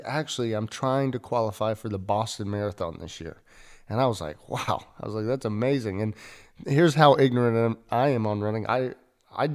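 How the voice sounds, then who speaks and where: A man's voice: medium pitch, darkish tone. Folksy man telling a story. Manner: folksy, self-deprecating, acts out quotes. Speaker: podcast host. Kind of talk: casual storytelling.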